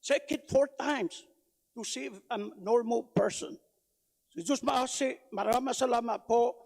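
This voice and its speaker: A man giving loud, emphatic public testimony at a legislative hearing. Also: very high-pitched, moderate pace, gravelly. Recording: reverberant hearing room.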